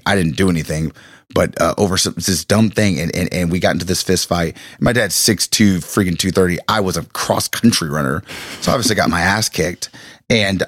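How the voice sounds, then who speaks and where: A man's voice: low voice, fairly bright tone, no room sound, clean studio sound. A man in his thirties, a pastor, chatting casually and telling an emotional personal story with stumbling restarts.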